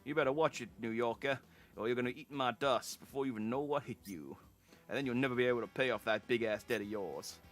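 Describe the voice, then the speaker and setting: A man voicing a cocky male journalist rival with a put-on Boston accent, swaggering and mocking, a little higher and louder than his own voice. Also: quick pace, faint music behind, lightly acted. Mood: taunting. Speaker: streamer reading game dialogue.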